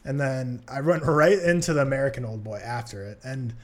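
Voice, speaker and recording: A man co-hosting a casual movie podcast, ranting in an animated way about films. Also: medium pitch, fairly quick, a crowd in the background. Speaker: podcast co-host. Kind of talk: casual chat.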